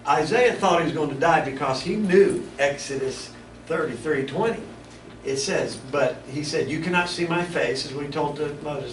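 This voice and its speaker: A man's voice: fairly high pitch, recorded from a distance. A man teaching a Bible study in a conversational way, often stopping and restarting his sentences. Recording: echoey room, mic from afar, background noise.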